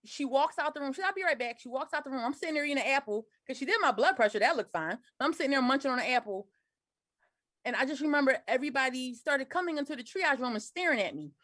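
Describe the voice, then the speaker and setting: A woman's voice: high voice, animated, fast, a bit bright, no room sound, studio quality. A woman in her forties telling a personal story in an earnest, detailed way, on a video call. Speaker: guest sharing her story.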